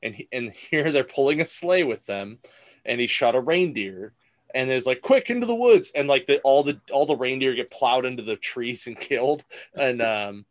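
A man co-hosting a comics podcast, casually retelling a story in a relaxed, rambling way. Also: medium pitch, moderate pace, no room sound. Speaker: podcast co-host. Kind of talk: casual chat.

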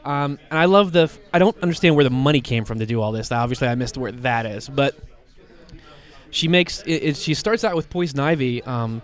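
A man's voice: mid-range voice, expressive, brisk. A man with a slight cold, co-hosting a comic book podcast and retelling a story in casual chat, rambling with lots of fillers and restarts.

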